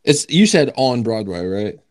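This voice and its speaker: A man's voice: medium pitch, big pitch swings, unhurried, dry recording. A man guessing trivia answers on a casual podcast, easygoing and a little hesitant. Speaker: podcast co-host, contestant.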